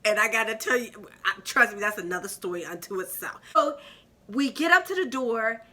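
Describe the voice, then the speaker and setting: A woman in her fifties telling a personal story to her viewers in a casual vlog, animated and laughing often as she talks straight to the audience. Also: fairly high pitch, fairly quick. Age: 50s. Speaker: vlogger.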